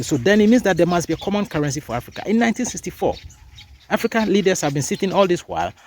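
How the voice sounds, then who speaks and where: A man's voice: a little high, a little mellow, a little hiss or hum. A man from Ghana hosting a session of political commentary, speaking emphatically and repeating phrases for stress. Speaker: host.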